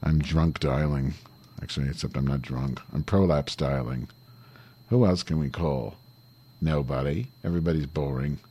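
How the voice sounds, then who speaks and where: A man's voice: rumbling low, normal speed, mellow, a little hiss or hum. A man playing Madge Weinstein, a vulgar, irritable diva hosting a comedy show, rambling and swearing while making calls over Skype at home. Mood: irritated. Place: home, calling through Skype.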